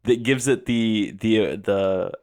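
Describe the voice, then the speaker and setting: A man's voice: fairly low pitch, slow pace, clean tone. A man co-hosting a comedy podcast, explaining his picks in a loose, joking way and swearing now and then. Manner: animated, swears, laughs while explaining picks. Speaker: podcast co-host. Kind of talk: casual comedic chat.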